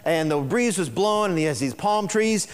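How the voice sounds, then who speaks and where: A man with a high, light voice preaches to his congregation, pressing each point home and circling back to it again and again. His words ring out with a long echo around a large hall. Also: animated, normal speed. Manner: emphatic, repetitive, speaks straight to the congregation. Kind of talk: sermon on marriage.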